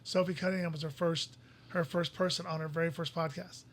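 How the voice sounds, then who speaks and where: Fast-talking man telling family stories. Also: on the high side, steady tone, fairly bright tone. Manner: fast storytelling, restarts and repeats words. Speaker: podcast co-host. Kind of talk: casual chat.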